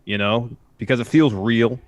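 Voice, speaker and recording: A man's voice: mid-range voice, moderate pace, no room sound. A man co-hosting a casual wrestling review show, talking with eager enthusiasm. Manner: enthusiastic, gushing praise. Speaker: podcast co-host.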